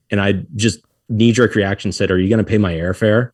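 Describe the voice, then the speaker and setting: A man's voice: fairly low pitch, brisk, few pauses, dry recording, studio quality. A middle-aged man, a podcast guest, telling stories in a casual way, acting out what people said and laughing often. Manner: animated, acts out quotes, laughs often. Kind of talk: casual storytelling.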